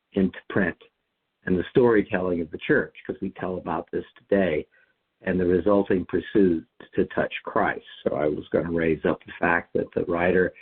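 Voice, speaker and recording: Leading the discussion on a lectionary podcast, a man thinks aloud reflectively and often restarts his sentences. His voice is low with a breathy edge, heard over a tinny, phone-like line.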